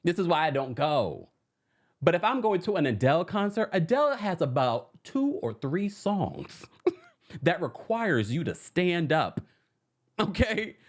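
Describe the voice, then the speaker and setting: Pop culture host, casual commentary, dramatic, lively pitch, laughs often. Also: normal speed.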